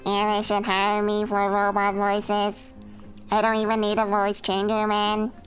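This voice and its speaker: Brief: woman with a totally flat, slow monotone, faint music behind. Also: medium pitch. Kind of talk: casual chat.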